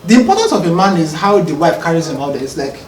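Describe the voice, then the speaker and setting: High-voiced man talking earnestly. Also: fast talker, slight background noise. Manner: calm, earnest, explaining with rhetorical checks. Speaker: podcast co-host and husband. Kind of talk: casual conversation. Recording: roomy, distant mic, faint music.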